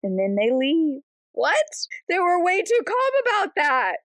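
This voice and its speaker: High-voiced animated woman podcaster. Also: a little slow, dry recording. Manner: animated, laughing, acts out characters' lines. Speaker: book club podcast co-host. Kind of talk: casual book discussion.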